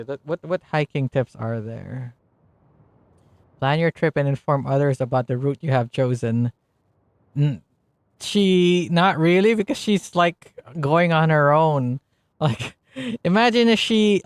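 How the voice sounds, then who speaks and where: A man's voice: a little high, clear, resonant tone, dry recording. A man giving casual live-stream commentary on a game, rambling with many fillers and restarts, sometimes reading on-screen text aloud.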